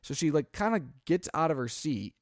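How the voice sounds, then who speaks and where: A man's voice: on the high side, brisk, dry recording, clean studio sound. A man in his thirties, a father co-hosting a podcast, telling a long family story casually, acting out quotes and filling gaps with "like" and "um". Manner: animated storyteller, acts out quotes, frequent "like" and "um". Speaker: podcast co-host.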